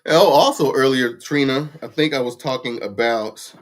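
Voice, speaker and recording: At a moderate pace and in a mid-range voice, a man in his 50s hosts a casual livestream chat. He rants bluntly and curses, speaking into a computer mic set up for the livestream.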